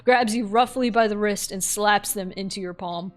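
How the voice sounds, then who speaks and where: A woman streamer reads a horror text game aloud in a middle-pitched, casual voice. She breaks off for wry, offhand asides. Faint music plays under her. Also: moderate pace, hardly any pauses.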